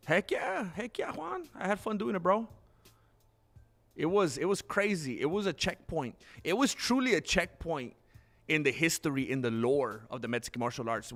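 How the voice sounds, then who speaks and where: Animated male streamer, lively pitch. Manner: loose and animated, constantly saying "bro", laughing often. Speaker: livestream host. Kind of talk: casual live-stream chat.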